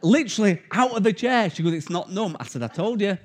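A middle-aged man, preaching a sermon and telling a personal story in an animated, conversational way. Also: high voice, quick pace.

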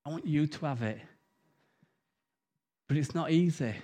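Animated preacher, man. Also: fairly high pitch, measured pace. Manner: animated storytelling, swings from loud to hushed. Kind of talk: informal sermon with stories.

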